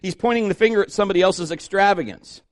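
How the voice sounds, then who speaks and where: A man's voice: high-pitched, fast talker. A man preaching a conversational sermon, telling homespun stories and asking his listeners rhetorical questions. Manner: folksy storytelling with rhetorical questions.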